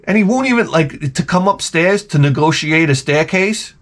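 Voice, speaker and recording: A man hosting his channel, telling comedic stories in an animated, profane, exaggerated way. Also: fairly high pitch, moderate pace. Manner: animated, profane, exaggerated, jumps into quoted voices. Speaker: channel host. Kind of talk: casual comedic storytelling rant.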